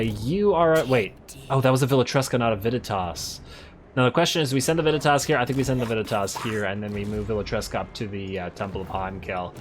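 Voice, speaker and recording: A man hosting a let's play, casually commenting on a strategy game while thinking aloud, correcting himself and getting excited. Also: medium pitch, slight background noise. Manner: excitable, quick to laugh.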